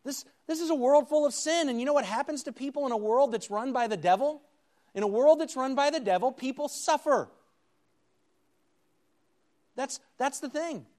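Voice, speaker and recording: A man preaching a sermon, reading scripture aloud with slow dramatic emphasis and rising to loud, emphatic peaks. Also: extremely high pitch, animated.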